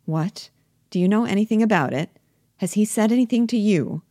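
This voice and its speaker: A woman reading the part of Torvald Helmer, a genteel and condescending husband in a classic stage play, in a brisk, fussy manner. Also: medium pitch, expressive, mellow, no echo, clean studio sound, pitched above the performer's own voice, close to an everyday voice. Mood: troubled.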